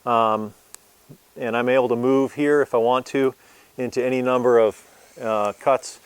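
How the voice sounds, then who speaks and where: Relaxed man talking through sword guards. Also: mid-range voice, a little slow, smooth, no room sound. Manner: relaxed and hesitant, with many fillers. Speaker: sword instructor. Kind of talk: casual demonstration lesson.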